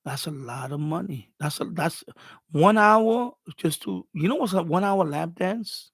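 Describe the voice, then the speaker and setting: A man's voice: fairly high pitch, measured pace, breathy edge. A man hosting a live stream, telling a casual story with lots of swearing and laughter. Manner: animated, swears often, laughs through the story.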